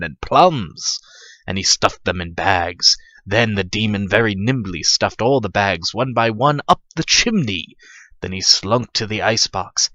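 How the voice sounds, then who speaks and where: A man's voice: on the low side, sharp tone, no echo. A man reading a rhyming holiday tale aloud as a profane comic parody, stumbling over lines, in a dull, dry lo-fi recording. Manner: profane, stumbling, laughing at himself. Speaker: reader. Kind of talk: comedic parody read-aloud.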